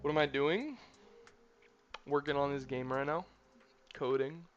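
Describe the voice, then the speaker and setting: A man's voice: a little high, unhurried, lo-fi sound, slight background noise. A man chatting casually to his live-stream chat while coding a game, a little defensive. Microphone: desk mic, input gain changed. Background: faint music, room fan.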